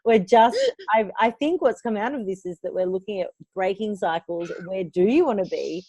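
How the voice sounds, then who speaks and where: A woman's voice: mid-range voice, moderate pace, dark tone, breathy edge, dry recording. Effusive woman in her 30s cohosting, gushy chat, close dry mic. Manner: enthusiastic, effusive, restarts words. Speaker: podcast co-host. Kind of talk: casual chat.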